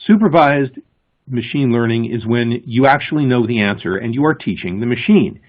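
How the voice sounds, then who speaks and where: A man giving a conference presentation, explaining with emphasis and pausing before key words. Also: mid-range voice. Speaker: conference speaker. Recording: thin, phone-like lo-fi audio.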